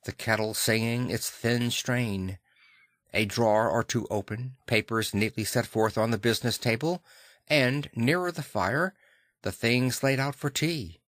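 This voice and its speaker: A man narrating a classic novel audiobook in a measured, dramatic way on a close microphone. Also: mid-range voice, fairly bright tone, no echo.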